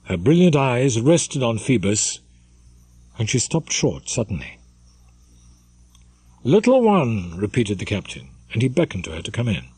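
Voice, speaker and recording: A man reading a classic novel aloud in scripted audiobook narration, measured and expressive. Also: on the low side, slightly rough, no echo. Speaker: audiobook reader.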